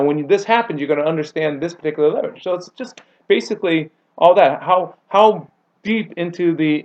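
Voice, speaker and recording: A man who coaches grappling, chatting on a podcast and acting out quoted people with big jumps in his voice. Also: dull audio. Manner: animated storyteller, acts out quotes with big pitch jumps. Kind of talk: casual podcast chat.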